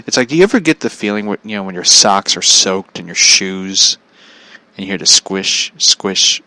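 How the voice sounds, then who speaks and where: A man's voice: low voice, pushed and bright. A man telling a comedic story in a profane, exasperated way, laughing often. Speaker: vlogger.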